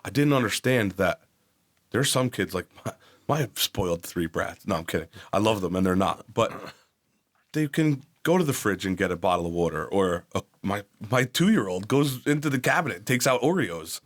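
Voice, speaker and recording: Lower-pitched man telling his story bluntly. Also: expressive, normal speed. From New Jersey. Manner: blunt, profane, acts out quoted voices. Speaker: podcast guest. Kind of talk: candid personal storytelling.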